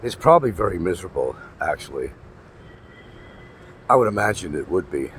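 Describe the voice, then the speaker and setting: A man's voice: low voice, very animated, fairly quick, fairly bright tone. A man ranting in a casual vlog, blunt and profane, repeating his points for emphasis. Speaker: vlogger. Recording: wind noise and traffic outdoors.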